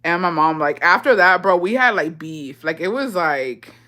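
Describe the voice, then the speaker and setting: A woman's voice: on the low side, expressive, normal speed, pushed and bright. A young woman vlogger telling embarrassing childhood confessions in casual, profane slang, often breaking into laughter.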